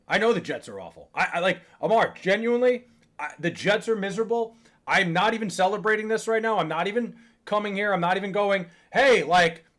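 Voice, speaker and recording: Young male streamer, slightly higher voice, cursing and venting casually to chat. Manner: frustrated, profane, restarts a lot. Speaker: livestreamer. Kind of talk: casual live chat reacting to comments.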